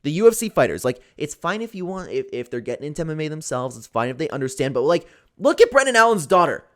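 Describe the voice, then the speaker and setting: Animated young man ranting on MMA news. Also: a little high, fast talker. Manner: animated, opinionated, frequent fillers like "like" and "man". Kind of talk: casual commentary.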